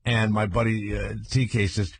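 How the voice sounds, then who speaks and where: An older man hosting a radio talk show, telling personal stories in a casual, animated way and jumping into high-pitched excited voices when he acts out scenes. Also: normal speed, a little hiss or hum.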